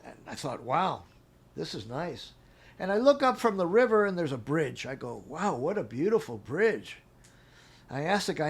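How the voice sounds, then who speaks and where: A husky, slightly high-pitched middle-aged man, speaking at normal speed, shares a long personal tale as an interview guest. His casual telling is animated, full of acted-out quotes and laughter.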